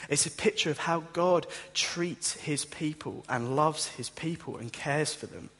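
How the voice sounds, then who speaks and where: Male preacher, higher-pitched, husky, animated delivery, long hall reverb. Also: measured pace, hardly any pauses. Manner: animated, acts out startled listeners in a higher voice. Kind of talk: sermon.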